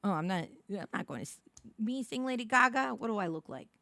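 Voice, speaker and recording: A young woman streaming live, chatting casually to her viewers, rambling and swearing with quick restarts. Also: on the high side, expressive, gravelly, bright, forceful tone, dry recording, clean studio sound.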